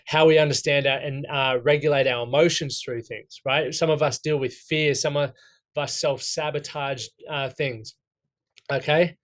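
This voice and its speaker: A man's voice: a little high, fairly even intonation, moderate pace. An Australian man coaching a room of men through goal setting. He talks plainly and bluntly and drops the odd swear word. He keeps asking "right?" to check the group is with him. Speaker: coach running a men's goal-setting workshop. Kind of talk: casual workshop talk.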